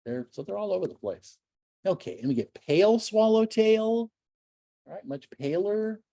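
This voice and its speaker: Animated older man gushing over slides. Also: sits high, normal speed, creaky, no room sound. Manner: enthusiastic, gushing, chatty asides. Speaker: naturalist lecturer. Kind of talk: slide talk to a club.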